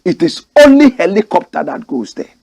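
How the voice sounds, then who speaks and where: A man's voice: high voice, very animated, normal speed, gravelly, a little mellow, dry recording. A man from Ghana, telling a story and preaching opinions directly to his listeners. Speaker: commentator and host. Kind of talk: passionate storytelling commentary.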